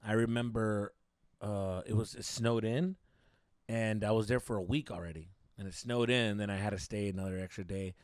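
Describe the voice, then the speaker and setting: A young man co-hosting a podcast, telling stories in a casual, profane, animated way with lots of fillers. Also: lowish voice, moderate pace, dry recording, studio quality. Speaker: podcast co-host. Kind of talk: casual storytelling chat.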